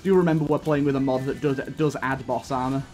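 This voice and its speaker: A man's voice: mid-range voice, fairly even intonation, fast talker, darkish tone, faint music behind. A man giving casual, rambling gameplay commentary as a YouTuber, laughing often and restarting his sentences, with hiccups. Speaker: gaming YouTuber.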